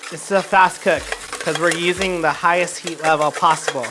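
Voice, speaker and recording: A man's voice: on the high side, fairly even intonation, normal speed, background noise. A drunk man hosting a casual cooking show, rambling, joking and swearing freely as he cooks in a home kitchen.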